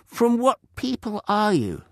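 Guy putting on scared sailors yelling questions, pitched way up, lively. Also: unhurried, no room sound, clean studio sound, heavily acted. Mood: accusing. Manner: panicked demanding questions. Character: terrified, accusing group of sailors.

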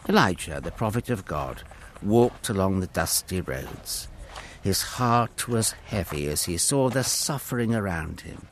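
A man narrating a children's Bible story with expressive storytelling. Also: deep voice, unhurried, slight background noise.

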